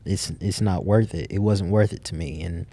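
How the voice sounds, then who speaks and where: This podcast guest, an entrepreneur, has a deep, mellow voice and speaks at a moderate pace on a dry recording. In a casual interview he tells his story, acting out the lines he and others said.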